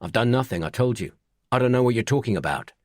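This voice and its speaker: A man voicing a calm, firm male restaurant owner in an audiobook, speaking low and measured. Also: dry recording, studio quality, close to an everyday voice. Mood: steady. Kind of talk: audiobook character voice.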